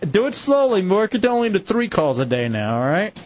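A male radio host with a somewhat high voice who needles his callers and interns with sarcastic jokes. The recording is dry and dull, with a lo-fi radio quality and faint music in the background. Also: sing-song, fairly quick, darkish tone, no room sound. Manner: teasing, sarcastic. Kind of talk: casual radio banter.

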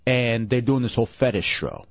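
A man's voice: medium pitch, very animated, a little fast, vocal fry, no echo. A man hosting a radio show, joking with his crew and callers, laughing easily and reading out the phone number. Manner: playful, laughs often, reads phone numbers. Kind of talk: casual morning-show banter. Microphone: studio microphone. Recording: dull lo-fi radio studio broadcast.

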